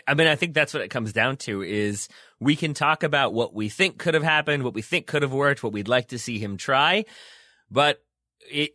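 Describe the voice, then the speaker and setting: A man with a bright, forward voice talks through soccer tactics in long, run-on stretches, stumbling over his own words as he goes. He is co-hosting a podcast, and the sound is dry and close. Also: medium pitch, no echo. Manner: long animated run-on talk with restarts. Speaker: podcast co-host. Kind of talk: casual soccer analysis chat.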